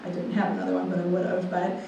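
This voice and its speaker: A woman in her twenties giving a personal testimony to a live audience, telling it in a lively way and acting out what people said. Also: lowish voice, quick pace, gravelly, slight background noise. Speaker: guest speaker. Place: large room with a live audience. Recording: echoey hall, voice from far off.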